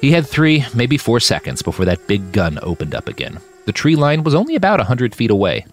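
A man's voice: low-pitched, big pitch swings, a little fast, hardly any pauses, no room sound, clean studio sound. A man narrating his own fiction podcast in a scripted, dramatic storytelling style that builds tension.

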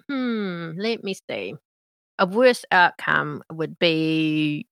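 Slow, bright-voiced woman game master. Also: mid-range voice, clear, resonant tone, dry recording. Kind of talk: narrating a tabletop game.

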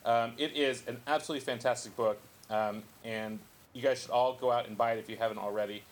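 A man's voice: medium pitch, fairly even intonation, quick pace. A man hosting a podcast in casual, joking chat, loose and full of ums. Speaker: podcast host.

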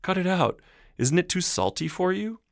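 A man's voice: lowish voice, lively intonation, moderate pace, no echo, studio quality, natural voice. A man narrating a story, voicing a young mother's lines in a strained, raised voice. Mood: laughing protest. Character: young mother, tense and uneasy.

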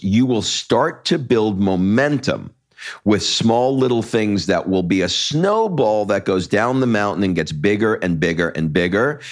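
A man hosting a podcast, talking casually and teasing his co-host in quick, animated bursts. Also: fairly low pitch.

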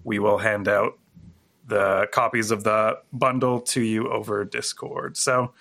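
A man's voice: fairly low pitch, little pitch movement, measured pace, pushed and bright. A man co-hosting a gaming podcast with wry, sarcastic remarks. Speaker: podcast co-host. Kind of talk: casual chat.

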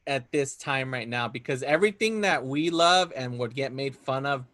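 A man's voice: medium pitch, normal speed, fairly bright tone, no echo, studio quality. A young man telling stories in a casual chat, laid-back and full of fillers. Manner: laid-back storytelling with lots of fillers and Spanish phrases.

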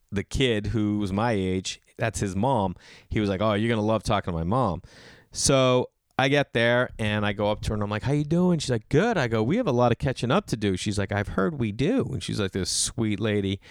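A man tells a rambling personal story in a relaxed, chatty way, full of "like" and little impressions of other people. His voice sits a bit low and comes across smooth and resonant, and the recording is close and dry, with no echo. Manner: animated, acts out quoted voices, lots of "like". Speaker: comedian telling a story. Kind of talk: casual storytelling.

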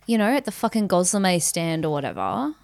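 A woman's voice: fairly low pitch, very animated, brisk, gravelly, a little mellow, dry recording, studio quality. A woman co-hosting a comedy podcast, blunt and sweary as she scolds callers. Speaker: podcast co-host. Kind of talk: comedy advice podcast banter.

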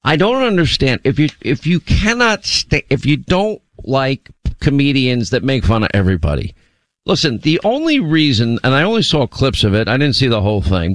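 A man's voice: medium pitch, no room sound. A man hosting a talk radio show, speaking bluntly, often repeating words as he starts a thought.

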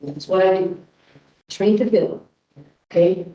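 A woman's voice: mid-range voice, slow, mellow, dull audio, natural voice. A woman putting on a foreign-sounding accent as a persona who insists she is a trained killer, heard in an echoey archival interview clip. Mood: insistent. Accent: put-on foreign accent that sounds Russian. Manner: insistent, repeating herself.

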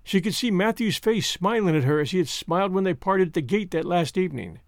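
A man reads an audiobook in a measured, gentle manner. His voice sits high for a man. The sound is dry and close to the mic. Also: lively intonation, no echo. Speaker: audiobook narrator. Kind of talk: scripted narration.

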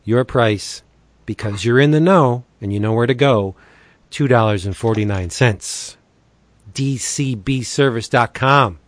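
A man hosting a casual comics podcast, reading deals in a playful pitchman manner. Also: unhurried, no room sound. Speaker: podcast host. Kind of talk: casual podcast chat with ad reads.

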